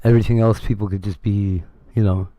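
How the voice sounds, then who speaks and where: A man's voice: fairly low pitch, fairly even intonation, fast, warm tone. A man chatting casually on a livestream, rambling and candid, swearing freely. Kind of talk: casual chat.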